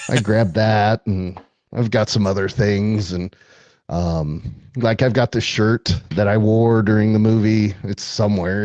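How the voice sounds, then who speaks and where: A man's voice: lowish voice, darkish tone, no echo, dull audio. Chatty man telling stories, dry sound. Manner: chatty, laughs often, many fillers. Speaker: guest, former film extra. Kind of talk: casual storytelling.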